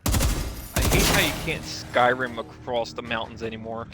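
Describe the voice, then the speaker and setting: A man's voice: medium pitch, measured pace, heavy background noise. A man chatting casually with a friend while they play a game together, laid-back and matter-of-fact. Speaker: co-player on a game stream. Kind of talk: casual gameplay chat.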